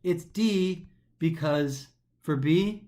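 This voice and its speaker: A male instructor walking through practice test questions, reading passages aloud and then thinking them through. His voice sits a little on the high side, and he talks in an animated, lively way. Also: extremely slow.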